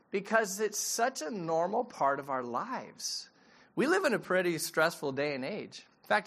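Pastor guy mid-sermon, kinda high bright voice, tells stories, asks the crowd stuff. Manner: storytelling, conversational, asks the audience questions.

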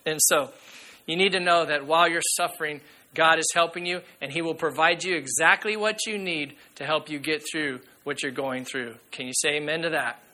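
A man preaching a sermon as pastor, earnest and emphatic, sometimes dropping to a hushed voice. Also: on the high side, fairly even intonation, normal speed.

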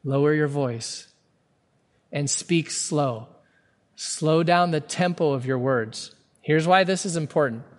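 Guy pastor preaching, kinda high voice, earnest and punchy, slows way down to make a point, big echoey church hall. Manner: earnest, emphatic preaching with sudden slow-downs. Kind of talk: sermon. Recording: long hall reverb.

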